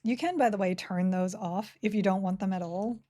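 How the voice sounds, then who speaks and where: A woman's voice: mid-range voice, brisk, warm tone. A woman chatting casually and giggling as she streams a game and reads chat. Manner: chatty, giggly, self-mocking. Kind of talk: casual live-stream chat while playing.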